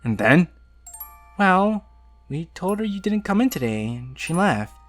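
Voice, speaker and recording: A man's voice: high-pitched, sing-song, unhurried, a bit bright, voice pushed up, full character voice. A man doing a hesitant schoolgirl friend. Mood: puzzled.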